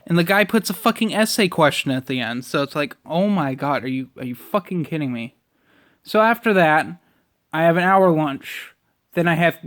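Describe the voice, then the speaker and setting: A young man in his twenties vents on camera in an irritated, profane ramble. His voice sits a little high for a man, and he complains freely with constant swearing. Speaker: vlogger. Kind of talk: casual ranting vlog.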